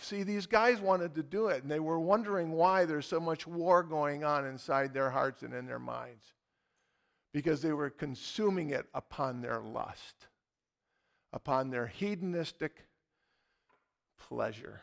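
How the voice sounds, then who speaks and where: Brief: male pastor, sermon storyteller, gravelly, emphatic repeats. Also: on the high side, measured pace, a bit bright. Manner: storytelling, emphatic repetition, many restarts. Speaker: preacher. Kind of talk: sermon with personal anecdotes.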